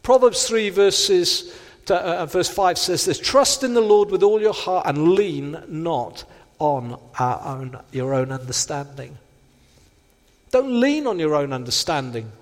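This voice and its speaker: A man preaching a sermon, earnest and direct, now and then slipping into little acted-out inner voices. His voice sits high for a man. The sound rings out with a long reverb, as in a large hall. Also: animated, unhurried.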